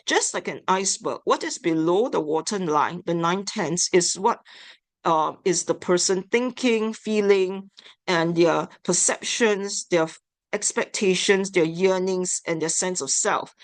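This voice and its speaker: A woman giving an instructional talk on family therapy, measured and deliberate. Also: lowish voice, no room sound. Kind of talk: instructional lecture.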